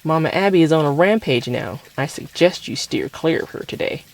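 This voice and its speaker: Brief: cheeky little boy in a storybook, hushed and breathy, read by a man. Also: on the high side, lively intonation, fairly quick, poor audio. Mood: confiding.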